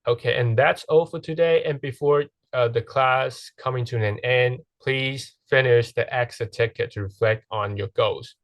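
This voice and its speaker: A man's voice: medium pitch, fairly even intonation, moderate pace, few pauses, dry recording. A man teaching a lesson, explaining step by step and checking in with "right?" and "okay". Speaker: English teacher. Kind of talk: recorded classroom lesson.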